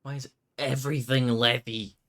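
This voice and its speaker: A man's voice: mid-range voice, fairly even intonation, measured pace, a bit bright. Frustrated man muttering over a game. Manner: grumbling, frustrated muttering to himself. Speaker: streamer playing a game. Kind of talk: casual gameplay commentary.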